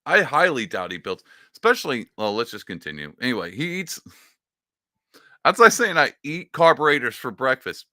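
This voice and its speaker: A man's voice: medium pitch, very animated, moderate pace, pushed and bright, no echo, studio quality. A man hosting a casual reaction commentary, talking in a sarcastic, mocking and rambling way. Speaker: political commentary host.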